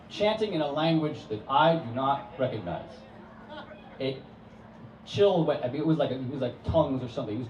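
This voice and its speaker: A man telling a true story live on stage, conversational, wry and animated. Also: medium pitch, reverberant, recorded from a distance, a little hiss or hum, low-quality recording. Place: stage before an audience.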